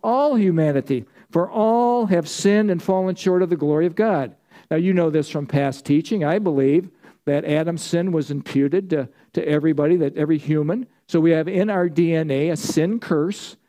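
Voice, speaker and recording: A man preaching an emphatic sermon, with a high voice for a man. His tone is mellow and dark rather than bright. He builds his points through repeated phrases and calls on the congregation to answer back. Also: normal speed. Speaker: pastor.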